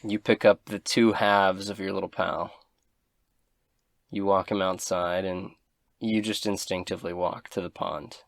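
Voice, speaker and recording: A man acting as game master, narrating a tabletop game in a steady, descriptive way. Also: deep voice, measured pace, no room sound, studio quality.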